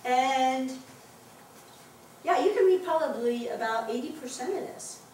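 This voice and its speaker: A woman teaching a Hebrew class to adults, patiently explaining and reading words aloud slowly. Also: high-pitched, lively intonation, darkish tone, slight background noise. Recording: very echoey classroom taped from far off.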